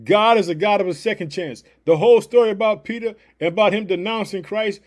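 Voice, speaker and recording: Fired-up high-voiced male preacher. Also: fairly quick. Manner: fired-up and emphatic, repeating catchphrases. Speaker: podcast preacher. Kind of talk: upbeat devotional podcast sermon.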